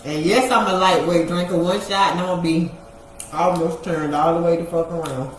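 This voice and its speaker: A woman co-hosting a casual live chat, talking in dry, mumbled deadpan asides. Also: lowish voice, moderate pace. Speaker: co-host of a live chat show. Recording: distant echoey mic with noise.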